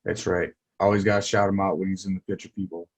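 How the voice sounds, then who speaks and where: Low-voiced laid-back male co-host. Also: flat delivery, fast talker. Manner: laid-back, brief replies. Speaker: podcast co-host. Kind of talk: casual chat.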